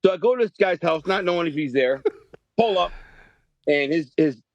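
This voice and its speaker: Podcast guest, man, 50s, from Detroit. Slightly higher voice, animated slangy storyteller, muffled dry recording. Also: moderate pace, no room sound. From Detroit area, Michigan. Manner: animated, profane street-slang storytelling, lots of "bro". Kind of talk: storytelling interview.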